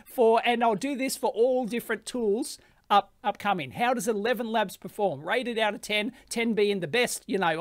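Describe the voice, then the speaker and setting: A man's voice: high-pitched, moderate pace, no echo, clean studio sound. A man with an Australian accent hosting an electronics video, talking casually and bluntly and laughing often. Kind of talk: casual commentary.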